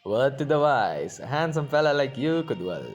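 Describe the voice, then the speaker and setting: A man voicing a gruff, joking middle-aged fishmonger with a put-on accent. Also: medium pitch, sing-song, normal speed, lo-fi sound, faint music behind, lightly acted. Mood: gruff ribbing. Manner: put-on accent, playful ribbing. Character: gruff mustachioed male fishmonger, jokey.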